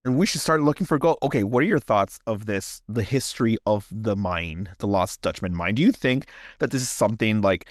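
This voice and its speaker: Man, podcast co-host, low voice, dry close sound, dramatic clipped storytelling, casual chat. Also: animated, a little fast, no room sound.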